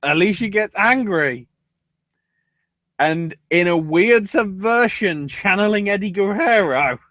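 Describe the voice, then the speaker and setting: A man's voice: high-pitched, expressive, slow, a bit bright, no echo. A man co-hosting a podcast in casual, profane chat, often acting out quoted lines. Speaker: podcast co-host.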